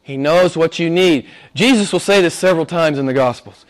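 A middle-aged male pastor preaching a sermon, swinging from hushed asides to high, emphatic exclamations. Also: fairly quick.

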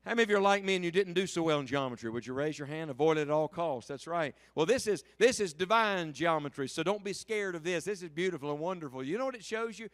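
A male pastor preaches to his congregation in a church sanctuary. His voice sits a little high and comes through smooth and clear. He drops to a hush while telling a story, then builds to fervent appeals. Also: expressive, quick pace, few pauses. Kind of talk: sermon.

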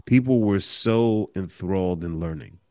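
A man co-hosting a casual podcast chat, animated and laughing a lot as he jokes. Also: sits low, measured pace, dry recording, studio quality. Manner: animated, laughs a lot, swings his voice up when joking. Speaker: podcast co-host.

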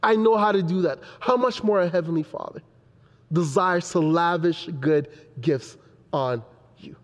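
A young man preaching a sermon in an animated way, acting out his children's voices. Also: a little high, measured pace, big-room sound. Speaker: pastor.

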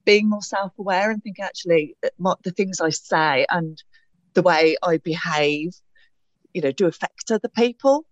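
A woman's voice: fairly low pitch, normal speed, no room sound. A woman co-hosting a podcast, thoughtful and a little rambling. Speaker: podcast co-host. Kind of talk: casual podcast conversation. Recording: dry, dull lo-fi audio.

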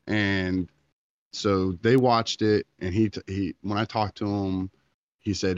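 Deep-voiced man telling a story. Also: moderate pace, no room sound, muffled recording. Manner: animated storyteller, acting out quotes. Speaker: podcast co-host. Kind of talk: casual chat.

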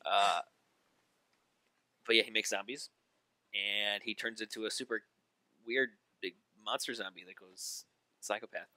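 A man's voice: on the low side, a little slow, pauses often, pushed and bright, dry recording. A man co-hosting a casual gaming podcast, teasing his friends and laughing often. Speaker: podcast co-host.

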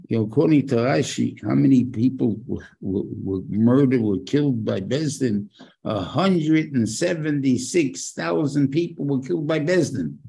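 A man's voice: on the low side, vocal fry, warm tone, breathy edge, poor audio. An older man giving an informal Torah class, chatting and throwing rhetorical questions at his students. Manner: conversational, asks the listeners rhetorical questions. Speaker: rabbi teaching a weekly Torah class.

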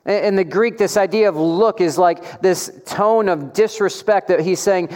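Guy preaching, kinda high voice, big echo in a church hall, lots of questions to the crowd. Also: moderate pace, hardly any pauses. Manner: rhetorical questions, animated emphasis. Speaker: pastor. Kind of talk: sermon. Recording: long hall reverb.

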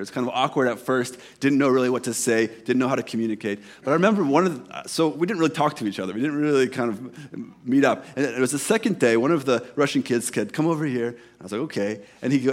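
A medium-pitched pastor preaches conversationally, sharing a personal story. He acts out bits of dialogue and corrects himself frequently.

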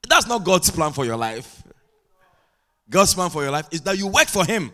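A man preaching a sermon as pastor, chatting with the congregation and building to loud sing-song preaching. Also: high voice, sing-song, moderate pace. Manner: asks the congregation for responses.

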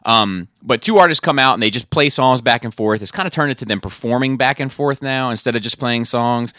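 A man co-hosting a casual talk show, telling a story with animated retellings and frequent swearing. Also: mid-range voice, brisk, dry recording, clean studio sound. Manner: animated storyteller, acts out quotes, swears freely. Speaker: podcast co-host. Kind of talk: casual chat.

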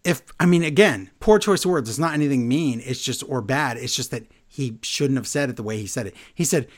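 A man co-hosting a casual wrestling recap, sarcastic and animated, laughing often as he talks. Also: medium pitch, a little fast. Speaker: podcast co-host.

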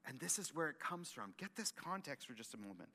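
A male pastor preaching a sermon, animated and emphatic, often repeating and restarting his phrases. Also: on the high side, brisk, long reverb tail.

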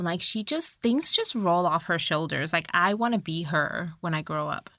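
A woman's voice: fairly low pitch, animated, moderate pace, few pauses, sharp tone, dry recording, studio quality. A woman co-hosting a podcast, recapping a movie in casual chat, chatty and swearing freely with lots of fillers. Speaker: podcast co-host.

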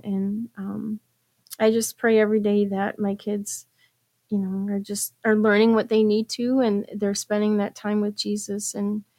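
A woman's voice: mid-range voice, darkish tone, no room sound. A woman in a casual podcast chat, speaking earnestly and leaning on "you know". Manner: earnest, faith-centered, many "you know"s.

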